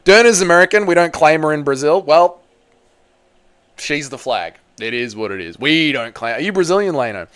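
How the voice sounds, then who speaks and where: A man's voice: on the high side, lively intonation, normal speed, fairly bright tone, smooth. A young man, chatting casually on a live stream, reading viewers' messages aloud and answering them.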